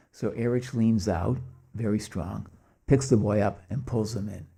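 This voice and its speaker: Mellow low-voiced male storyteller. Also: fairly quick, creaky. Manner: lively storyteller voicing quoted dialogue; chuckles between anecdotes. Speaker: speaker at a spiritual gathering. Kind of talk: anecdotal storytelling talk.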